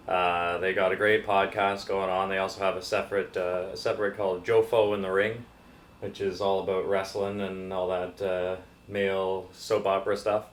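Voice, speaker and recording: A Canadian man co-hosting a crude comedy podcast, talking in exaggerated hoser slang with lots of swearing and "bud.". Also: on the low side. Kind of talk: crude comedy sketch chat. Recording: echoey room with faint noise.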